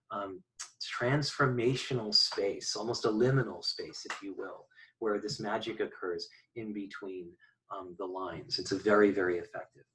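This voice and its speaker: A man's voice: fairly low pitch, fairly bright tone, recorded from a distance, poor audio. A man giving an informal lecture on poetry as a teacher, thoughtful and full of fillers and restarts.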